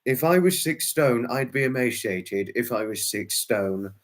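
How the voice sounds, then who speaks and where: A man with a medium-pitched voice, lively intonation and a measured pace chats live with his audience as a streamer. He handles their comments in a rambling, fussy way, restarting repeatedly and exclaiming.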